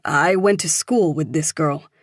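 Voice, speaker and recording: A woman's voice: deep voice, no echo, studio quality. A woman doing a panicked man on the run. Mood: urgent. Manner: urgent, rushed, pleading.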